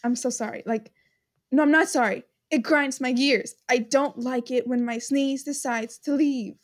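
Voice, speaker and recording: A woman's voice: sits high, steady tone, moderate pace. A young woman chatting casually, rambling and giggling, with lots of fillers. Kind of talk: casual chat.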